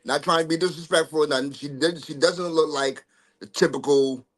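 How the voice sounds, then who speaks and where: A man's voice: on the high side, fairly even intonation, brisk. A man in a casual podcast chat, speaking candidly and hedging his words to avoid giving offense. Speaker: podcast co-host.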